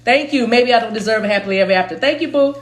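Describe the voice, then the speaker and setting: A woman with a fairly high voice leads a live spiritual reading in a rhythmic, preacher-like cadence. She slips into chanted tongues between her words and calls her listeners "baby". The room gives her voice a noticeable echo. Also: rapid-fire. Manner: animated, rhythmic, preacher-like delivery. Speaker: spiritual reader and channel host. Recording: roomy echo.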